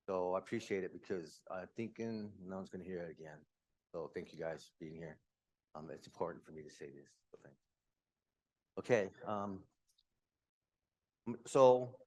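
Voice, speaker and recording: A man in his fifties from Utah, candidly telling his own life story to a room, with quick asides. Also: low-pitched, darkish tone. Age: 50s. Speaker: speaker. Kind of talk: personal story talk.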